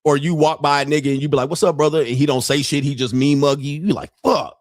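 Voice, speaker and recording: A man's voice: a little high, little pitch movement, quick pace, no room sound, studio quality. A man hosting a podcast who talks in loose, profane, comedic commentary, laughs often and acts out street exchanges. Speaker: podcast host.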